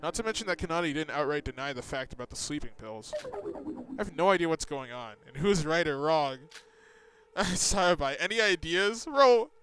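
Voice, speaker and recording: A man doing gameplay commentary, reading game dialogue aloud and reacting excitably, swearing and laughing. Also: on the high side, moderate pace, slight background noise. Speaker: let's-play gamer. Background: faint game music.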